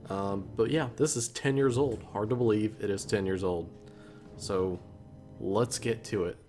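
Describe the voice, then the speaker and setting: Young guy chatting through a game walkthrough, lowish voice, rambles and cracks jokes. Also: a little slow, darkish tone, faint music behind. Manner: rambling, joking asides. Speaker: let's play host. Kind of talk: casual gameplay commentary.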